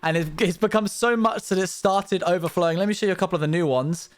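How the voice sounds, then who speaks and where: A young man hosts a casual livestream from his desk, rambling, giggling and poking fun at himself as he chats. His voice sits high and he talks fast.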